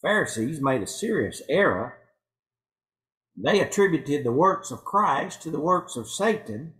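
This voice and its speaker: Man preaching with lively, swinging intonation. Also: a little high, measured pace, low-quality recording. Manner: folksy joke-telling preacher. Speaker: pastor. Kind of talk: evening sermon. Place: church sanctuary.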